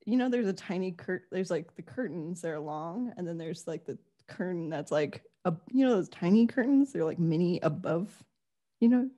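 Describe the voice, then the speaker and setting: A woman's voice: on the low side, animated, moderate pace, mellow. A woman who does improv comedy, guesting on a podcast and chatting in a giggly, rambling, self-deprecating way. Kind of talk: casual comedy podcast chat.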